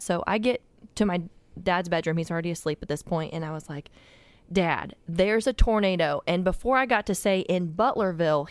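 A young woman, telling animated stories in casual chat and laughing as she goes. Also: lowish voice, dry recording.

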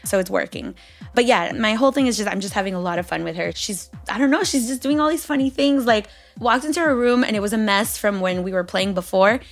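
Woman co-host, thirties, gravelly fry, casual chat, emotional. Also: a little high. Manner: emotional, laughing, voice catching while reading. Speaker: podcast co-host. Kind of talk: casual chat and reading a love letter.

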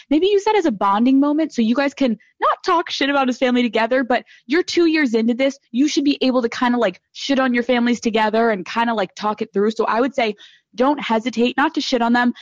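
A woman's voice: on the high side, dry recording, lo-fi sound. A woman hosting a podcast live, giving blunt, profane advice and gushing over her listeners in casual chat. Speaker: podcast host.

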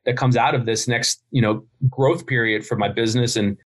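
A man's voice: mid-range voice, fairly even intonation, normal speed. Man, middle-aged, blunt, swears freely, casual interview guest, storyteller. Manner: blunt, swears freely, tells stories with quoted voices. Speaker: podcast guest, business founder.

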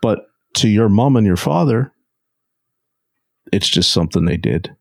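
A man's voice: lowish voice, expressive, measured pace, creaky, dry recording. A man co-hosting a podcast, explaining his view steadily and checking in with his listeners. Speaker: podcast co-host. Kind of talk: casual podcast chat.

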